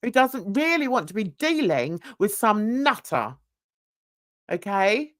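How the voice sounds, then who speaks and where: A woman's voice: medium pitch, very animated, slow pace. A woman hosting a drama commentary show, giving emphatic, scornful opinions. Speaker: host.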